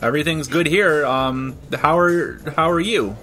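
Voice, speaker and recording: A grinning, eager shopkeeper who speaks in a sing-song lilt, as a man puts him on. The voice sits above his usual pitch and sounds bright and forward. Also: unhurried, faint music behind. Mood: cheery.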